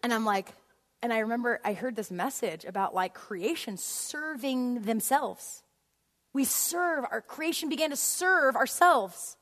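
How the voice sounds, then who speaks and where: A woman with a fairly high voice preaches to a congregation with animated, storytelling energy and frequent laughter. Her voice rings out in a large church hall with a long reverb tail. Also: unhurried. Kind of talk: sermon.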